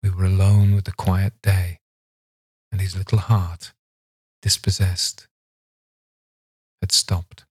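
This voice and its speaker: A man, a podcast host, giving a measured, dramatic audiobook reading of a classic novella. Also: low-pitched, monotone, breathy edge. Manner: measured, dramatic reading that slows for tense passages.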